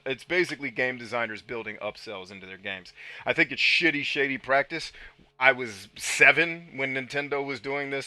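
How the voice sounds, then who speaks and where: A man hosting a game stream, talking bluntly and swearing as he plays. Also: mid-range voice. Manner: profane, blunt and animated, laughing often. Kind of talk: casual gameplay commentary.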